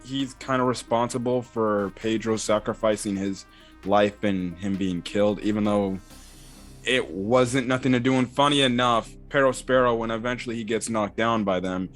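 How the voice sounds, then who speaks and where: A young man with a lowish voice reviews anime episodes at a moderate pace, giving casual, rambling recap commentary packed with filler words. Faint music plays in the background.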